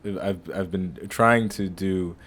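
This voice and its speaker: Low-voiced guy doing let's-play commentary, chatty, rambly, keeps restarting his sentences. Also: steady tone, slow, a bit bright. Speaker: gaming channel host.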